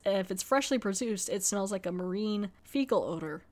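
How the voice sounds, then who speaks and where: A woman's voice: medium pitch, lively intonation, moderate pace, darkish tone. A young woman hosting a podcast, casually recapping a TV episode in a rambling, chatty way full of fillers and laughs. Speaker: podcast host reviewing TV episodes. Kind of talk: casual chat recapping a show.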